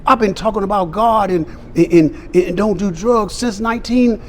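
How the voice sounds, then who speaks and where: Older man with a high, emphatic voice. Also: normal speed, a little hiss or hum. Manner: emphatic, acts out quoted dialogue. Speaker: celebrity guest. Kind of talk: storytelling interview. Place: fan convention.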